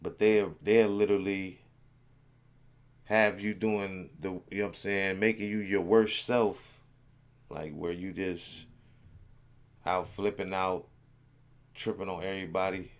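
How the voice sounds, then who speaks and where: A man's voice: sits low, fairly even intonation, measured pace, long pauses. A man hosting a reaction video, chatting casually in a rambling, laid-back, slangy way.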